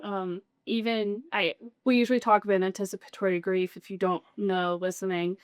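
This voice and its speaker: A woman hosting a podcast, calmly explaining an idea for listeners in a supportive way. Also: medium pitch, normal speed, smooth, no echo, clean studio sound. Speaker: podcast host. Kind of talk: conversational podcast talk.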